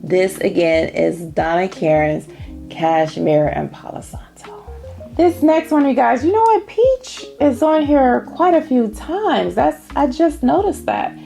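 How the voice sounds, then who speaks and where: A middle-aged woman from Indiana chatting casually about perfumes on her vlog, savoring each scent in drawn-out phrases. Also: a little high, very animated, creaky, dark tone, soft background music. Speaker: fragrance vlogger.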